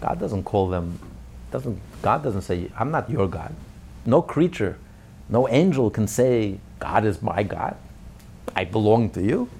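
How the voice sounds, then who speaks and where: A rabbi gives a Torah lecture full of Hebrew terms, shifting emphatically between loud declarations and quiet asides. His fairly low, creaky and slightly rough voice is very animated, though a little slow.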